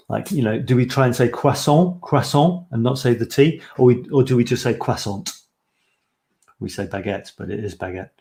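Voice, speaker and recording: A man's voice: medium pitch, darkish tone. A middle-aged man hosting a live writing show, chatting casually and reading his own short pieces aloud with playful, self-mocking asides.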